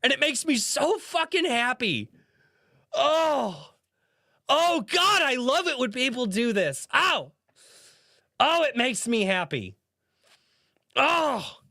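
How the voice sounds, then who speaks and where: A man's voice: very high voice, sing-song, measured pace, bright, forceful tone, dry recording, studio quality. A man streaming live, reading viewer comments aloud, laughing often and swearing freely in an amused, mocking way. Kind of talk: casual live-stream chat.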